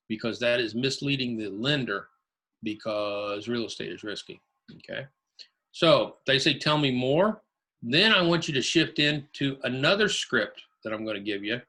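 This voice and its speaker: A man with a bright, forceful voice teaches a live online class. He hammers home his key phrases and repeats them, coaching his listeners in an emphatic way. His pitch sits in the middle for a man. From Ohio. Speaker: real estate investing instructor. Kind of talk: webinar teaching.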